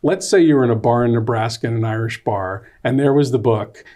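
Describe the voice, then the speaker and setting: A man being interviewed as a guest author and playwright. He is a lively storyteller who rambles, backs up and restarts. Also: medium pitch, fairly quick. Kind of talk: casual interview.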